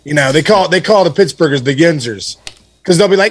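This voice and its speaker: A man's voice: a little high, lively intonation, quick pace, slight background noise. A man co-hosting a podcast, telling stories in loose, slangy casual chat full of "you know" and "bro". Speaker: podcast co-host.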